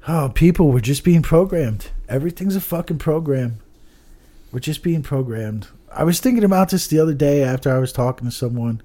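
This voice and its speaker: A man's voice: mid-range voice, mellow. A man chatting casually on a podcast, rambling, swearing often and trailing off with "I don't know.". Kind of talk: casual chat.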